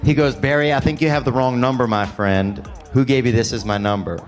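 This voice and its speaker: Male stand-up comic, mid-pitched voice, loose wry storyteller, music underneath. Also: fairly even intonation, fairly quick. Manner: rambling, wry storytelling delivery. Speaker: comedian.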